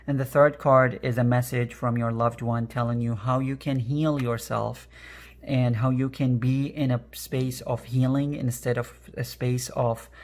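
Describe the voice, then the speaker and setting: A man with a raspy, strained voice giving an earnest pick-a-card reading, repeating phrases with many fillers. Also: medium pitch. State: emotional, voice strained. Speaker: energy worker and tarot card reader.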